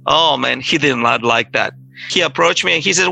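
A man telling his own story in a halting, conversational way, acting out what others said. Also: medium pitch, vocal fry, sharp tone. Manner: halting, restarts, acts out quoted voices. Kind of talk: personal testimony, casual storytelling.

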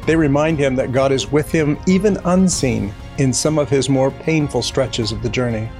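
A man giving scripted documentary narration in a measured, even delivery. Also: mid-range voice, soft background music.

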